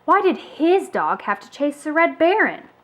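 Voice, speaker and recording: A woman reading a children's book aloud as a storyteller, with expressive, animated delivery. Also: sits high, moderate pace.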